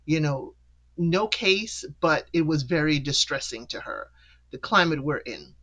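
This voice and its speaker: Casual recap host, acts out everyone's lines with big pitch jumps, laughs a lot. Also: lively intonation, measured pace, sharp tone.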